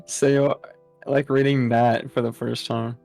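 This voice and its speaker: Brief: casual gaming co-host, mid pitch, loose jokey banter. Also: flat delivery, unhurried, vocal fry, darkish tone, faint music behind. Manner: laughing, swearing, playful banter. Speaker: game player.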